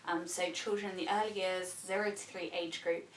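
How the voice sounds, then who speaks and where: A woman teacher giving a read-aloud tutorial for early years, animated and full of gasps and animal sounds. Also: lowish voice, normal speed, slight background noise. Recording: roomy sound from a distance.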